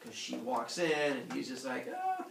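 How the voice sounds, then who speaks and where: At a moderate pace and with vocal fry, a man tells his students a myth as a funny story, lively and full of squeaky character voices. The classroom recording is echoey and distant from the mic, with a slight hiss or hum and students audible.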